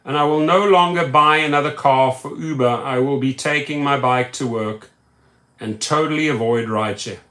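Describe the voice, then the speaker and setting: A rideshare YouTube host reads viewer comments aloud on a live stream in a mid-range, fairly bright voice at a moderate pace, with a roomy sound. He's emphatic, chanting words over and over for emphasis.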